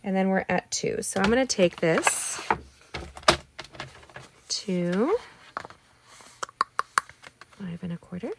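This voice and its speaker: A woman's voice: mid-range voice, animated, takes it slowly, gravelly, long pauses, very noisy. A middle-aged woman hosting a live card-making tutorial, bubbly and rambling, chatting with viewers and making little noises and exclamations as she works. She sounds a bit tired. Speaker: card-making livestream host.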